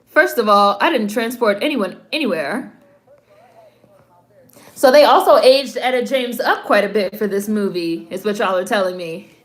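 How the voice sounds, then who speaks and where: Woman riffing on a movie she's watching, blunt and sweary, middle pitch. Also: moderate pace. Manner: blunt, profane, talks back at the screen. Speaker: host reacting to a film. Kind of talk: casual watch-along commentary.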